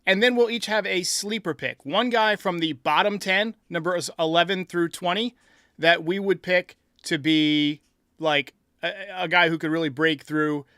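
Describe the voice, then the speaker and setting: Upbeat guy hosting a sports podcast, smooth clear voice, dry sound. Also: sits high, steady tone, moderate pace, bright, forceful tone, no room sound. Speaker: podcast host. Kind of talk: casual sports podcast talk.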